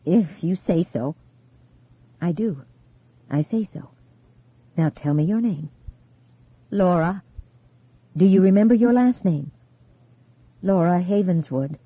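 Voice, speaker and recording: A woman voicing a calm adult female therapist who hypnotizes a girl, talking in a soft, coaxing, steady way. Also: fairly low pitch, takes it slowly, long pauses, dry recording, phone-quality sound. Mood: gentle. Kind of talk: audiobook character reading.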